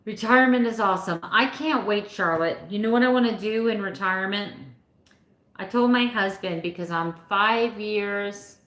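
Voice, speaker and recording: A woman's voice: mid-range voice, moderate pace, fairly bright tone. A woman in her fifties chatting casually with her live viewers, rambling a little and laughing often. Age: 50s. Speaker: vlogger answering live chat. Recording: echoey room.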